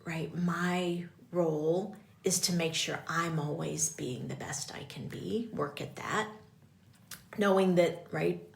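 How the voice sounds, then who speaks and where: A woman's voice: lowish voice, steady tone, takes it slowly, gravelly, roomy sound. An older woman, a priest and guest, talking in a reflective way about leadership and often checking in with "right?". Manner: reflective, often asks "right?" with many ums. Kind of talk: faith-based leadership conversation.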